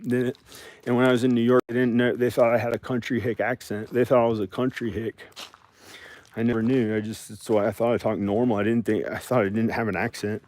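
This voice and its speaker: A man's voice: medium pitch, little pitch movement, a little fast, darkish tone, a little hiss or hum. A man in his forties from the South, talking in a meandering casual vlog and often repeating himself and restarting. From American South. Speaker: vlogger. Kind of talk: rambling casual vlog monologue.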